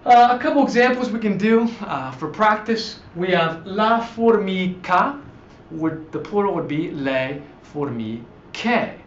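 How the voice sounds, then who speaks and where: A man teaching a recorded online language lesson, explaining slowly and repeating each example word with many fillers. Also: high-pitched, a little hiss or hum. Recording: echoey, dull lo-fi room.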